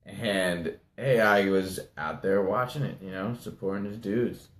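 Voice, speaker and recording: Casting: man, animated sports-show storyteller, slightly low voice, echoey room. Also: a little slow. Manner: animated storyteller, laughs at his own story. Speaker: podcast co-host. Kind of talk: casual sports talk show.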